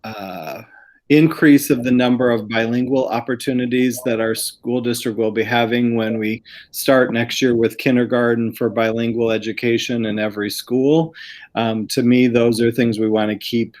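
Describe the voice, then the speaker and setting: A man's voice: mid-range voice, fairly even intonation, normal speed, a little mellow. A man who works as a school district administrator, explaining plans to a planning group in an earnest, explanatory way over a video call.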